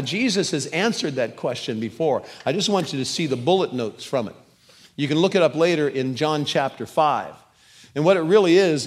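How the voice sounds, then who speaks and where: A man's voice: a little high, long reverb tail. Earnest emphatic male preacher. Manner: earnest, emphatic, repeats words when building a point. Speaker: pastor. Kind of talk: sermon.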